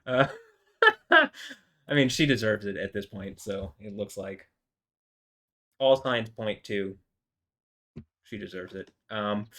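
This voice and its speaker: A man's voice: fairly low pitch, measured pace, long pauses, fairly bright tone. A man rambling in an indignant solo commentary, full of filler words and restarts. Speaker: video host.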